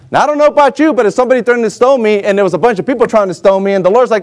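A man delivers a sermon in a church, reading scripture aloud and acting out the figures in it. His voice sits high for a man. He talks with lively, animated energy. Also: brisk. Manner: animated, acts out voices for Moses and God. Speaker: preacher. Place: warm indoor church hall.

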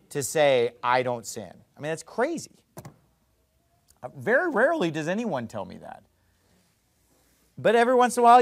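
A man preaching from the pulpit with a high voice that leaps all over the place. He hammers his points, then drops low and hushed. The sound is close and dry. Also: no room sound. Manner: emphatic, swings between loud and low, mimics others mockingly. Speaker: pastor. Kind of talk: sermon.

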